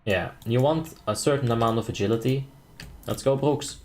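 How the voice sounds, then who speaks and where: A darkish, medium-pitched voice at normal speed, with a bit of hiss or hum, belongs to a young Dutch streamer. He chats easily, joking and laughing often while reading chat and calling the raid's tactics.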